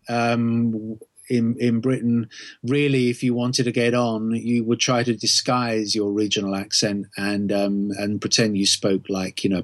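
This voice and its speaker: A man's voice: medium pitch, dry recording. A man, an author being interviewed, explaining thoughtfully at length with frequent ums and restarts. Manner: measured, thoughtful, many ums. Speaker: author and guest.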